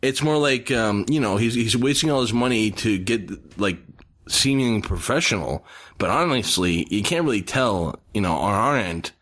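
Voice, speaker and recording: A man's voice: lowish voice, animated, normal speed, fairly bright tone. A man co-hosting a podcast, chatting casually and rambling through his opinions. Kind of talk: casual chat.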